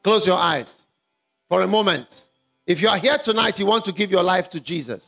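A man preaching an evangelistic sermon, telling a story dramatically, swinging from hushed to shouting. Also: high-pitched, animated, fairly quick, vocal fry, lo-fi sound, faint music behind.

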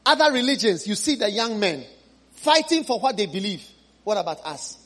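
Speaking in a sing-song way at a normal speed, a man gives an impassioned sermon. His voice shifts from loud, high cries to low, hushed appeals as he repeats phrases and pleads with the congregation.

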